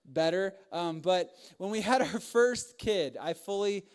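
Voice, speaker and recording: A young man delivering a lighthearted sermon, his voice sitting high for a man. He tells stories with humor, laughs often, and throws in quick asides. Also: lively intonation. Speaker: young adults pastor.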